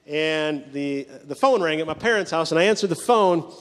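A male pastor preaching a sermon, telling stories with quick mimicry of the people in them. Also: a little high, expressive, a bit bright, in a large hall.

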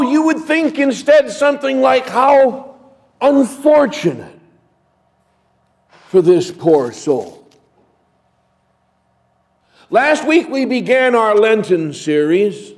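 A man preaching a sermon as pastor, telling a story in a slow, measured way. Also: very high-pitched. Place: church sanctuary. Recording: long church reverb.

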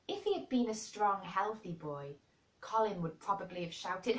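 A woman reading a classic children's novel aloud in an expressive storybook manner. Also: medium pitch, normal speed. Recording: roomy and distant.

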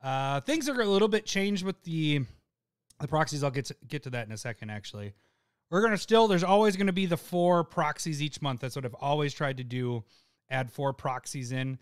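A man co-hosting a live podcast, chatting casually and rambling through patron shout-outs. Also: a little high, lively intonation, a little fast, smooth, dry recording, clean studio sound. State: hiccups and eating hot peppers. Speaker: podcast co-host.

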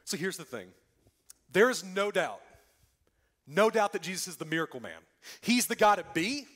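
A man delivers a church sermon in a high, bright-sitting voice. His pitch leaps and falls with great animation. He pushes key lines out loud and then sinks to a near hush for effect. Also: moderate pace, slightly rough. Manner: lively preaching with dramatic drops to a hush. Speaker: pastor. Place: church sanctuary.

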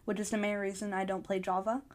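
A podcast host reading a short adventure story aloud in an eager storytelling manner. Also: female voice, medium pitch, flat delivery, fast, a little mellow. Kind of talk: storybook narration.

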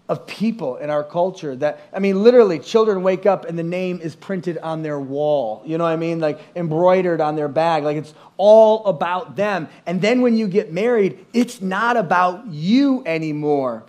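A middle-aged man, a pastor telling stories in a sermon, animated and self-mocking, acting out voices and sounds. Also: high-pitched. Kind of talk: storytelling sermon. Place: church stage.

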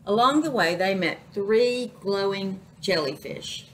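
A woman reading a children's picture book aloud as a librarian, slow and expressive. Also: mid-range voice, a little hiss or hum, poor audio. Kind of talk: children's story read-aloud.

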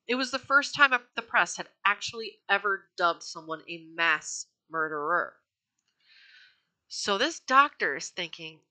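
A woman's voice: lowish voice, expressive, measured pace, sharp tone. A woman hosting a true-crime podcast, telling the story in a chatty, profane way with lots of fillers and self-corrections.

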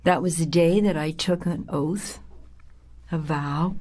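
Older woman, personal story, emotional, whispery asides, low, husky. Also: slow. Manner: emotional, dramatic, drops to a hushed whisper. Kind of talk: personal life story told to an audience.

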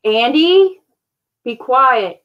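A woman's voice: high-pitched, expressive, drawn-out words, muffled recording. A woman hosting a live online sale, chatting casually and describing each item in detail. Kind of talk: casual live-stream selling chat.

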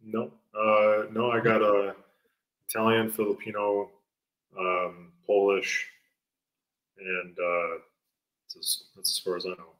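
A man's voice: lowish voice, little pitch movement, slow pace, pauses often, fairly bright tone, poor audio. A man in a casual conversation, answering briefly and hesitantly. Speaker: guest.

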